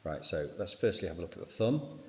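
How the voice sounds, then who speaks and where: Very deep-voiced male teacher, revision lesson. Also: big pitch swings, a little fast, a little mellow, a little hiss or hum. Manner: informal, fills with "right" and "okay". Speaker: science teacher. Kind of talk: exam revision walkthrough. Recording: dull sound with long reverb.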